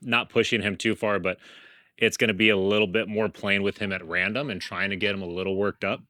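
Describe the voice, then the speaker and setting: A man's voice: fairly low pitch, brisk, dry recording, studio quality. A man from a dog rescue, casually explaining a dog's behavior while handling him outdoors. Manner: relaxed, explanatory, coos at the dog.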